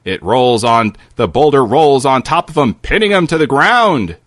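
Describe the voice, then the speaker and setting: A man's voice: medium pitch, expressive, normal speed, a bit bright, dry recording, studio quality. A man narrating a comedic fantasy story in a theatrical, playful way.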